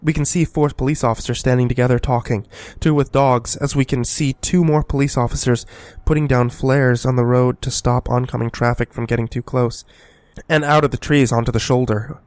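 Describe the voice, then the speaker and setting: A man narrating a first-person horror story in a scripted, hushed delivery. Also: mid-range voice, fairly even intonation, brisk, dry recording.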